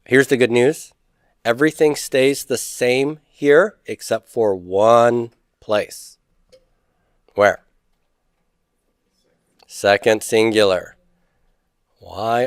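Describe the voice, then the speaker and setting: A man's voice: lowish voice, smooth, no echo, studio quality. A man teaching a Greek grammar lesson, chatty and teasing, drilling word forms aloud. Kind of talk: recorded classroom lecture.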